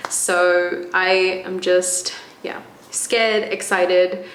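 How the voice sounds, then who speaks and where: A woman's voice: on the low side, little pitch movement, very slow, a bit bright. Grateful young woman vlogging in a roomy space. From Australia. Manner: emotional, grateful, gushing with frequent fillers and restarts. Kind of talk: casual vlog talk to camera. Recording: roomy, faint room ambience.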